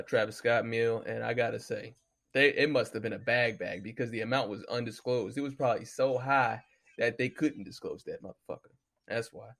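Gravelly man ranting casually. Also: medium pitch. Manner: loose, animated storytelling, heavy cursing. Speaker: podcast host. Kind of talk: casual profane commentary.

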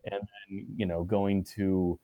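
A man answering interview questions in a relaxed, halting way, with many restarts and fillers. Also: deep voice, no echo, phone-quality sound. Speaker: guest. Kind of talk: casual interview conversation.

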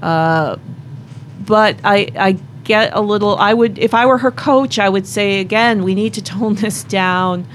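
A communications coach talks through a speech in a studio, thoughtful and analytical. Her mid-pitched voice carries a faint noise floor. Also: a little slow, a bit bright. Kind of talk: casual chat. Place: podcast studio.

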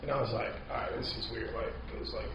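A man's voice: medium pitch, fairly even intonation, fast talker, creaky, background noise. A man telling a story in casual chat, rambling and packing his talk with repeated fillers. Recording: echoey, distant, dull lo-fi sound.

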